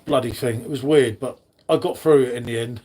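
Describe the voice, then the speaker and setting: A man's voice: mid-range voice, a little fast, a little mellow, slight background noise. A man hosting a casual live stream, chatting with viewers in the chat by name. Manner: chatty, matey, talks to chat readers by name.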